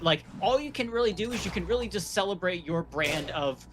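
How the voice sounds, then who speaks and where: A young American man chatting casually while gaming, relaxed and hesitant with many fillers. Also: high voice, a little fast, background noise. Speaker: guest gamer. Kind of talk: casual chat while playing.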